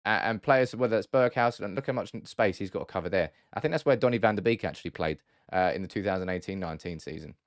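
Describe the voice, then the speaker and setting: A man's voice: fairly low pitch, fast talker, few pauses, no room sound, clean studio sound. A man hosting a football analysis video, talking through tactics in a chatty way with frequent restarts and self-corrections. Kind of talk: casual tactical breakdown.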